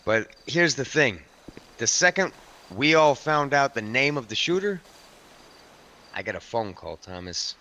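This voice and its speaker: A man's voice: mid-range voice, very animated, a little slow, long pauses, bright, forceful tone, dull audio, full character voice. A man role-playing a hardened, foul-mouthed biker club enforcer, rambling through a story and calling the listener by name. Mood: tense storytelling. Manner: keeps addressing the listener by name. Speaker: roleplay character telling a story. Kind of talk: improvised game role-play storytelling.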